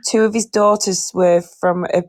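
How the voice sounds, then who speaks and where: A woman's voice: mid-range voice, steady tone, normal speed. A woman, calling in and answering in brief, hesitant replies. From Lancashire, England. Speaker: caller.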